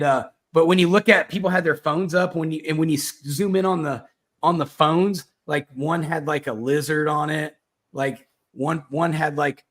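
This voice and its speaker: Rambling man hosting a chat show. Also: fairly high pitch. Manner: rambling, halting, with many fillers and restarts. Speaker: podcast host. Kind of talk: casual political chat.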